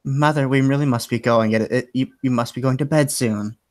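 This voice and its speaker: A man's voice: medium pitch, fairly even intonation, natural voice. A man voicing a prim apologetic daughter. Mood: formal. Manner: formal, apologetic, hurried.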